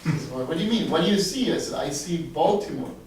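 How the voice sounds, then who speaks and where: A rabbi giving a storytelling sermon, a man who acts out the quoted dialogue with big leaps in pitch. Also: animated, quick pace, a little hiss or hum. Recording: echoey room, voice heard from a distance.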